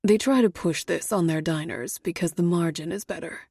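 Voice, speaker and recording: Audiobook figure: a curt, condescending rich man in his forties, read by a female narrator, quiet and cool, dry sound. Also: lowish voice, moderate pace, creaky, breathy edge, dry recording. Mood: cool, dismissive. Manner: cool, dismissive.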